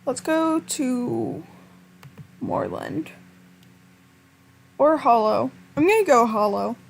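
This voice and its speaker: A woman with a high voice narrates her game in a panicky, pleading way, speaking to her viewers. She talks slowly and drawn out, with plenty of pauses between bursts. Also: huge pitch swings, gravelly, a little hiss or hum. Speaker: gamer. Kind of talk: gameplay commentary.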